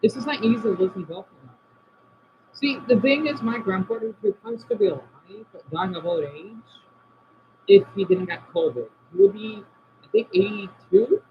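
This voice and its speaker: A man chatting casually on a live stream from home, answering viewers' comments and often trailing off quietly. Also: sits high, moderate pace, a little hiss or hum. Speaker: livestream host reading chat. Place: indoors at home by a window. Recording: dull lo-fi stream audio.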